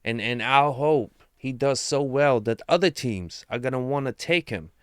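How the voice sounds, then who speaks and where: Excited man rambling about his team. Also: mid-range voice, normal speed, clean tone, no echo, clean studio sound. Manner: excited, rambling fan talk with slang. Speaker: sports commentator. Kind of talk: casual fan commentary.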